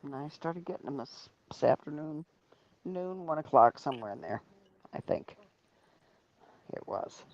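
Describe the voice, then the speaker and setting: A woman's voice: sits low, expressive, unhurried, long pauses, darkish tone. Woman on a dull lo-fi call line. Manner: easygoing, rambling small talk. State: slightly sick with a low fever. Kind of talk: casual chat.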